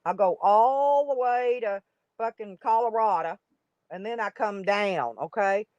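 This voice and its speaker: A woman's voice: mid-range voice, measured pace, a little mellow, no room sound. A woman, chatting in a rambling way with viewers as host of a live stream. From United States. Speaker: livestream host. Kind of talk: casual live chat reading comments. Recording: dry, dull lo-fi stream audio.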